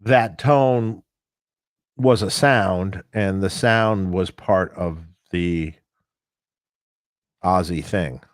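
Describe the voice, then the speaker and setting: A man co-hosting a casual talk show about guitar gear, animated and chatty, who often acts out quotes. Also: low-pitched, very slow, long pauses, no echo, clean studio sound. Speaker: co-host, amp technician. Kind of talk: casual chat.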